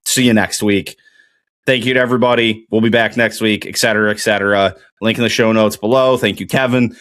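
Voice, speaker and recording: A man talks casually on his own podcast, thinking out loud and muttering to himself as he goes. His voice sits at an everyday middle pitch, recorded close and dry with no room around it. He rambles freely, with plenty of "like" and "uh.". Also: no room sound. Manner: thinks aloud while playing a geography quiz, muttering guesses; excited, rambling TV recap with many fillers. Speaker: podcast host. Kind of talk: casual solo podcast talk.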